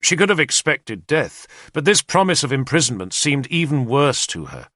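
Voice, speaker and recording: A male audiobook narrator telling a first-person story at a measured pace. His mid-range voice moves freely in pitch, and the sound is close and dry. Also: sing-song, sharp tone, dry recording. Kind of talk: scripted narration of a historical novel.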